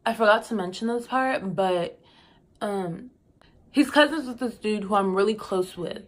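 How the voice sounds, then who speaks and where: A young woman spins a casual storytime with chatty, expressive energy, tossing in slangy asides and laughing along the way. Her voice sits at a medium, everyday pitch. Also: unhurried. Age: young adult. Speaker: vlogger.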